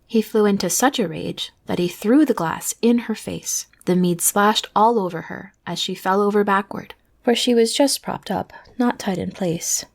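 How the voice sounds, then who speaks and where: A woman reading a fairy tale aloud in a soft, hushed bedtime voice, as whispered role-play. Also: medium pitch, normal speed, gravelly. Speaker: storyteller.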